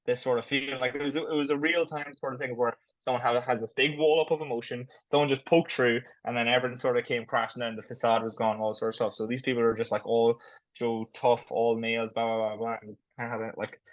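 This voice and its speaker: A man chats quickly on a podcast, his words tumbling out with lots of "like". His voice sits at a middle pitch. It is recorded close and dry, with no room sound. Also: little pitch movement, no echo, rough recording. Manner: quick, chatty, sprinkled with "like". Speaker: podcast co-host. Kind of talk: casual chat.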